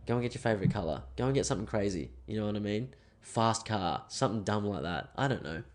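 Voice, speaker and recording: A man's voice: lowish voice, expressive, fast. A young Australian man hosting a podcast alone, ranting casually and swearing. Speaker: podcast host. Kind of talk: solo podcast rant.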